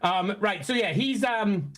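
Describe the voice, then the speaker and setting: A man's voice: high-pitched, lively intonation, a little slow, background noise. A man from the UK chatting casually on a live stream, rambling with friendly asides. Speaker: streamer reacting to a trailer.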